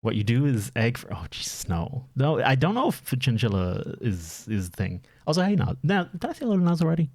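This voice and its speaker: A man's voice: medium pitch, sing-song, fairly quick, hardly any pauses, a little mellow, slightly rough, no echo, clean studio sound. A young man with an Irish accent chatting casually on a stream, rambling and laughing at himself. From Ireland. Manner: rambling, self-deprecating, laughs often. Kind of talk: casual chat reviewing community submissions.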